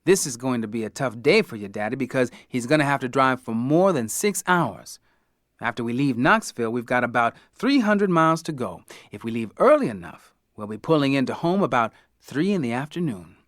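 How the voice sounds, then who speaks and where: A brisk, organized mother reading out her plans in a slightly raised, lively voice, as a man reading a storybook puts her on. The recording is dry and close. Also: medium pitch, no room sound, lightly acted. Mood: practical planning. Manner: brisk, matter-of-fact, list-reading. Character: organized, practical mother planning a family trip.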